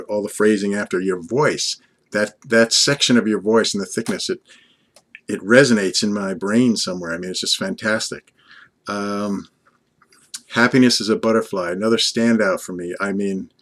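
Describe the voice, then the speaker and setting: Rambling older man with a low voice. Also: fairly bright tone. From Long Island, USA. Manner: earnest, rambling, fond, talks to an unseen companion. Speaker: vlogger. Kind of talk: casual vlog monologue.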